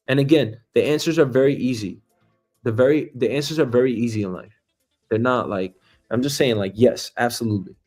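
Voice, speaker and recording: A man hosting a casual livestream, talking in a profane, rambling way and acting out little scenes. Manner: profane, rambling, acts out scenes with big pitch jumps and drawn-out words. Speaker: show host.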